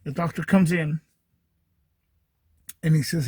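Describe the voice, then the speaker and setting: Rambling husky man telling a story. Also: on the high side, normal speed, long pauses, no echo. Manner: rambling, lots of fillers and restarts. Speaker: podcast host. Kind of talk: casual storytelling monologue.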